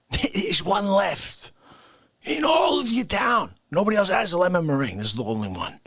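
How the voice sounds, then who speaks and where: A man putting on an indignant Italian tough guy from the Bronx, ranting slowly and dropping from shouts to hushed whispers. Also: sits high, very animated, breathy edge, dry recording, full character voice. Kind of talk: comedic character monologue.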